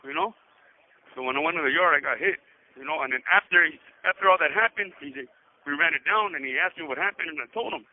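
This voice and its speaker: Fast-talking inmate on a tinny phone line. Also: male voice, fairly high pitch. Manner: profane street slang, fast and repetitive. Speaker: prison inmate on a phone call. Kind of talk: rambling casual storytelling.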